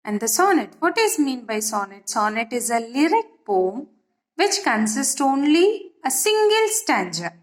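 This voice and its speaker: A woman's voice: high-pitched, very animated. A woman teaching literature in an online lesson, patient and repetitive, often checking that students follow. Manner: slow, patient, repeats key points and checks understanding.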